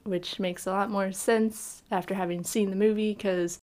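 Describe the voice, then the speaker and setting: A woman co-hosting a podcast, reviewing a film in casual chat and acting out lines from scenes in an animated way. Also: mid-range voice, moderate pace, hardly any pauses, smooth. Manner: animated, acts out quotes from scenes. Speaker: podcast co-host.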